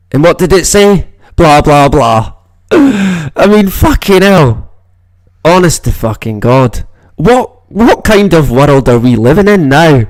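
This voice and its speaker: A Scottish man hosts a loose livestream chat and drifts from one thought to the next, swearing almost every sentence. He talks slowly in a slightly high voice. The sound is dry and close, with no room echo. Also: darkish tone. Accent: Scottish, northeast Moray. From Scotland. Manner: rambling, swears constantly. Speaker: livestream host.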